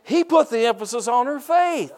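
High-voiced older preacher, folksy. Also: male voice, animated, normal speed, darkish tone. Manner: folksy, repeats words, plays out quoted voices. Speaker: pastor. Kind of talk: sermon.

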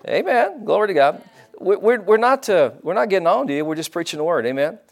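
A man's voice: high-pitched, big pitch swings, a little fast, gravelly. A middle-aged man preaching a sermon in a church, folksy and joking, with frequent amens and hallelujahs. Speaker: pastor.

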